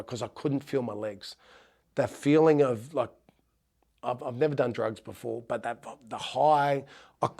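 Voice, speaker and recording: Here the ex-rugby league player, a middle-aged Australian man, talks with a medium-pitched and somewhat mellow voice. In a podcast interview he recounts heartfelt stories, restarting himself often.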